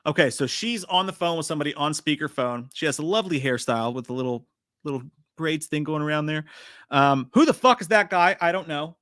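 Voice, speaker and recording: Bright-voiced, profane male streamer. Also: on the high side, expressive, brisk, no room sound, studio quality. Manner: rambling, profane, reads out chat comments. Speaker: live-stream host. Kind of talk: casual live trailer breakdown.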